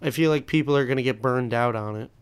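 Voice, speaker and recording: Smooth-voiced young man chatting casually. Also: medium pitch, fast, no echo. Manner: short agreeing interjections, fillers like "like". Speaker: podcast co-host. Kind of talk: casual wrestling review chat.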